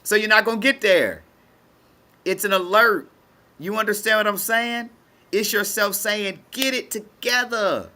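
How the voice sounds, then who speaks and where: A woman's voice: medium pitch, a little slow, pauses often, bright, forceful tone. A woman teaching a spiritual message to an audience, emphatic and colloquial, repeating phrases for effect. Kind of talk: preaching to an audience.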